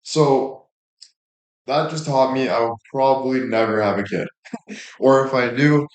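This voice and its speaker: A man's voice: medium pitch, moderate pace. A young man livestreaming, telling rambling stories in a casual chat with lots of swearing. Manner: crude, rambling storytelling with frequent swearing. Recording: echoey room.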